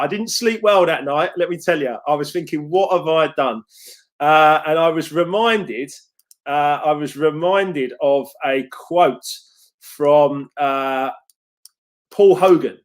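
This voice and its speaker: A middle-aged man, a success coach, telling stories in a chatty, upbeat way to his followers. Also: a little high. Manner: chatty and upbeat, storytelling with quotes. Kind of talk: casual live talk to followers.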